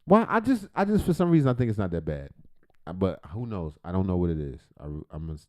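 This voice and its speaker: Very animated and quick, his voice sits low as he reacts to videos on his livestream. The commentary wanders and jokes profanely, with big, loud shifts in volume.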